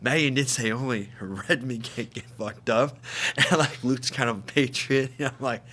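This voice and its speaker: Bright-voiced man telling a laughing story. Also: medium pitch, normal speed. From United States. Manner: laughing, swearing, acts out quotes. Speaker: podcast co-host. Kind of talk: casual chat, storytelling.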